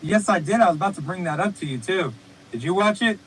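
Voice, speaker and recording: A man's voice: high-pitched, lively intonation, fast, a little hiss or hum, low-quality recording. A man hosting a casual, profane online stream chat, talking loosely and rambling. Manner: loose, rambling, swears freely. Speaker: podcast host. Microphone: remote stream call.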